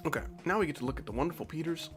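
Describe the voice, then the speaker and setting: Racing along with an expressive, a little high, fairly bright and husky voice, a young man jokes and rambles in casual live-stream chat, sometimes trailing off into mumbling. Faint music plays behind him.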